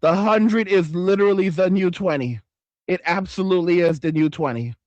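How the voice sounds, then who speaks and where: Profane high-voiced New streamer. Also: male voice, moderate pace, dry recording, highs cut off. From New York. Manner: profane, rambling, emphatic repetition. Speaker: livestream host. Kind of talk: casual livestream chat reading comments.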